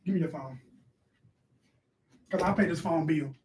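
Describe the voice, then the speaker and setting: A man's voice: on the high side, darkish tone, close to an everyday voice. A man playing a bossy, sassy middle-aged mother who scolds her kids while hosting a live stream from a bedroom. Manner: scolding, brash, quick to snap at the kids. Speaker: live stream host reading donations. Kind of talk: comic live-stream character sketch. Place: bedroom at home.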